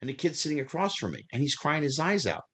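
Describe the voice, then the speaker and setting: A man, a former child actor telling lively stories as an interview guest. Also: on the high side, fast talker, breathy edge. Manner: animated, acts out quoted people, restarts. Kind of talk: storytelling interview answers.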